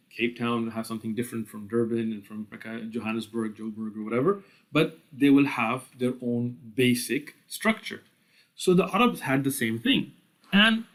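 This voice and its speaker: A man giving a lecture on Islamic studies, explaining step by step, often asking "right?" and using fillers. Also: medium pitch. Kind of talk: lecture with slides.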